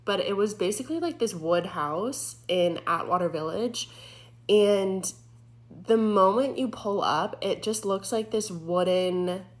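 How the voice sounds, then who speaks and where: A woman's voice: medium pitch, unhurried. A young woman, a former EMT, casually retelling a frightening experience with lots of fillers. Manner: animated, filler-heavy retelling. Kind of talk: casual storytelling.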